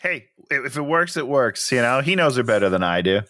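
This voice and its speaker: A man's voice: mid-range voice, very animated, a bit bright, no echo, clean studio sound. A man co-hosting a casual movie chat, joking wryly and laughing often. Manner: joking and wry, quick to laugh. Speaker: podcast co-host.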